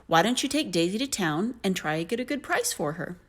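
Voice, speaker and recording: A woman doing a shrill scolding mother. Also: sing-song, fairly quick. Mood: coaxing. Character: scolding mother, sharp-tongued and easily furious.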